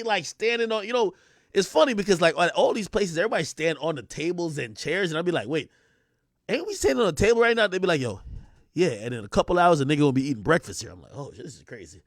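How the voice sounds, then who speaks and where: A young man telling a story on his livestream, excitable and loud, acting out the voices he quotes. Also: high voice, quick pace, no room sound, studio quality. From Jamaica. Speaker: streamer.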